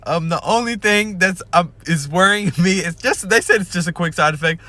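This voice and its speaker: A man's voice: high-pitched, moderate pace, bright, forceful tone, no room sound. A man in a comedy skit, talking in a cheerful, falsely upbeat way.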